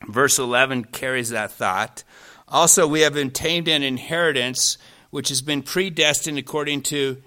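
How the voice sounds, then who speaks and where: A man's voice: a little high, sharp tone. A man teaching a Bible study class in a folksy way, drifting into anecdotes.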